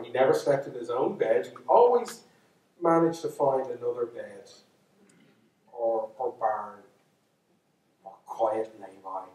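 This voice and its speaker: A man's voice: medium pitch, a little mellow, distant mic. An Irish man spins a folk tale for a live crowd, breaking off for chatty asides. His voice rings through a big echoey hall, picked up from some way off the mic. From Ireland. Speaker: storyteller.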